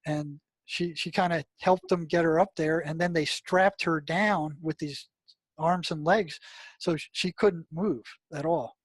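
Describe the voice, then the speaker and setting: A man's voice: a little high, measured pace, husky, no echo. Older man telling a story animatedly. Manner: animated, many restarts, exclaims when recounting. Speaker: guest, retired mental health practitioner. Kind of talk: storytelling interview talk.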